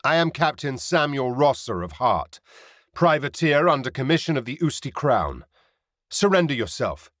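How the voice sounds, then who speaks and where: A man's voice: mid-range voice, sing-song, moderate pace, fairly bright tone, dry recording, clean studio sound, pitched above the performer's own voice. A man voicing a young privateer captain in an audiobook, giving firm, formal commands. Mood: stern. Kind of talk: audiobook character voice.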